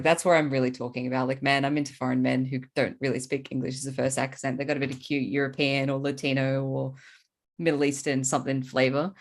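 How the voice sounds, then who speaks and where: An Australian woman speaks as a guest in a loose, friendly interview, her voice very low for a woman. She is bubbly and unguarded, laughs easily and swears without a second thought. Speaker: guest, psychic channel. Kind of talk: casual interview chat.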